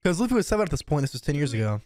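A man in his twenties giving casual, slangy reaction commentary to an anime episode, laughing loudly and exclaiming often. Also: a little high, very fast. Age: 20s. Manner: excitable, slangy, bursts into loud laughs.

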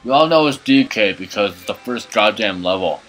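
A drunk man doing gaming commentary, cursing, shouting and laughing as he plays. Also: on the low side, expressive, moderate pace, soft background music, rough recording. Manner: profane, loud outbursts and laughing. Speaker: let's player.

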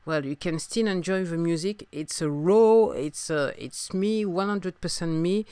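A woman's voice: on the low side, measured pace, warm tone, clear, resonant tone, no echo. A woman from France with a French accent, hosting a casual solo podcast, talking hesitantly with many fillers and restarts while getting over a sore throat. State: recovering from a sore throat, coughing. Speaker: podcast host and singer-songwriter.

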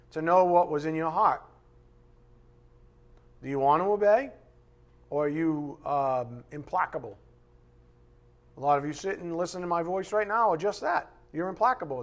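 Male pastor, slightly high voice, animated live sermon from the pulpit. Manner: animated preaching, reads scripture aloud, acts out God's voice in asides. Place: church sanctuary.

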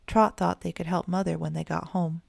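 A woman reads a children's bedtime story aloud in an even, measured way. Her voice is low and gravelly. The recording is close and completely dry. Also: dry recording. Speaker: narrator.

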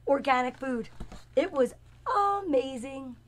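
A woman's voice: high-pitched, lively intonation, slow. Rambling, joking woman in her fifties. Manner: rambling, playful, self-mocking, chats to viewers by name. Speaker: comedian hosting her own show. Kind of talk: casual comic live chat with viewers.

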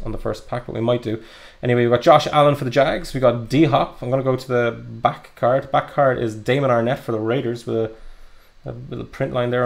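Ripping open trading card packs on a live break, this young man keeps up cheerful, talkative commentary peppered with fillers like um and uh. His voice sits at a medium pitch with noticeable vocal fry.

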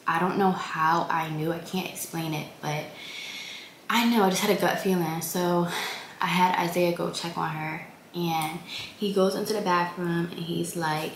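A young woman in her twenties telling a personal story in a casual vlog, speaking softly and haltingly with many restarts. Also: fairly low pitch. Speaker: vlogger. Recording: echoey room, faint background hiss.

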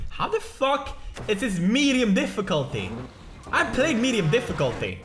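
High-voiced Swedish man raging at a game. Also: wildly swooping pitch, normal speed. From Sweden. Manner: swears constantly, bursts into frustrated shouting. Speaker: gaming commentator. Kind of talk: let's play commentary. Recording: echoey room with loud game music.

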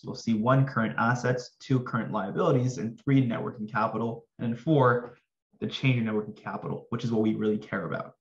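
A man tutoring finance for an exam, talking casually and energetically to viewers with slangy asides, his voice slightly hoarse. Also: medium pitch, roomy sound, lo-fi sound. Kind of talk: casual exam-prep lesson.

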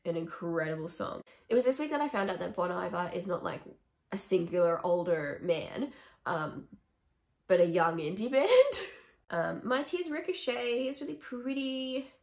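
A woman's voice: fairly low pitch, expressive, unhurried, vocal fry. A young woman vlogging, talking casually and opinionatedly through a song ranking with sarcastic asides. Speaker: music vlogger. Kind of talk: casual ranking chat to camera. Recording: echoey room.

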